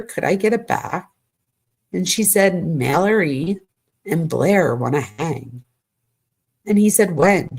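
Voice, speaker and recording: A woman's voice: fairly low pitch, darkish tone, breathy edge. A woman commentator reading text messages aloud, breaking in with exasperated asides. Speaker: true crime commentator.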